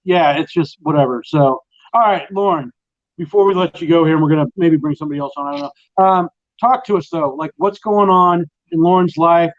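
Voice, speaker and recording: Brief: middle-aged male host, rambling animated storyteller, fairly high voice, slightly muffled lo-fi audio. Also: fairly quick. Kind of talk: casual late-night chat.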